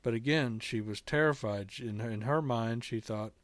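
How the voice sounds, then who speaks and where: A middle-aged man casually telling a story to camera in a halting, earnest way, often restarting his sentences. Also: medium pitch, no echo. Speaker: vlogger telling a kitten rescue story.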